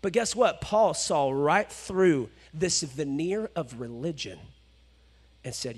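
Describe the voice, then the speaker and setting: A male pastor preaching a sermon, swinging between loud exhortation and hushed, low asides. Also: expressive, slow, breathy edge.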